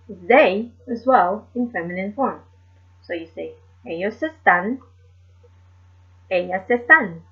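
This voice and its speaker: Woman teacher, slow careful explaining, repeats each word, muffled lo-fi audio. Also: mid-range voice. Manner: careful, repeats words for learners. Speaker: language teacher. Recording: dull lo-fi sound.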